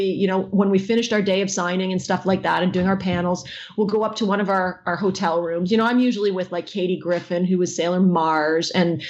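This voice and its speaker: A woman, a voice actress, telling stories in an interview with lots of energy, often jumping into high squealing voices to act out fans. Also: lo-fi sound. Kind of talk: animated storytelling in an interview.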